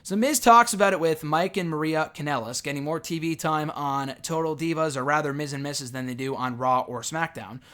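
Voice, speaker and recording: Male reviewer, young adult, slightly higher-pitched voice, loose off-the-cuff recap with lots of ums and restarts. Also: fairly quick, few pauses, fairly bright tone. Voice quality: rambling, frequent fillers and self-corrections. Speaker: show reviewer. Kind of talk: casual recap monologue.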